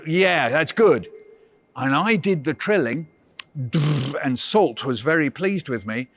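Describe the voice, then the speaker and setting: A man's voice: a little high, lively intonation, slow pace, a bit bright. A man, a visiting author, running a playful storytelling workshop for children and coaxing them with questions.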